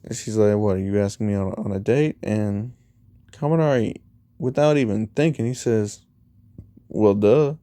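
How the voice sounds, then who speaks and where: A man's voice: on the low side, normal speed, dark tone, dry recording. A man casually telling a fan-made story, rambling through it and retelling each line of dialogue with "he's like" and "you know". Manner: rambling, retells dialogue with 'he's like' and 'you know'.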